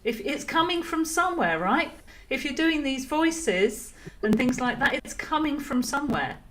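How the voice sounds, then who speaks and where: A woman's voice: high voice, animated, moderate pace, background noise. Woman chatting, hunting for words. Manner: searching for words, many restarts. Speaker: co-host. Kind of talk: casual spiritual chat.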